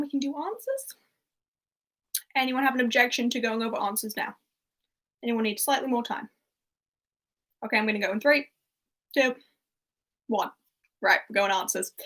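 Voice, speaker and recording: A woman's voice: a little high, poor audio. A young woman hosting a livestreamed quiz in a casual, chatty way. She laughs often and reads questions out, then repeats them. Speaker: quiz host.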